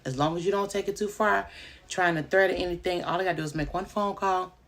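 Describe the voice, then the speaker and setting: A woman's voice: on the low side, fairly even intonation, fast. A woman who runs a home daycare, giving casual advice in a vlog and stressing her points by repeating them.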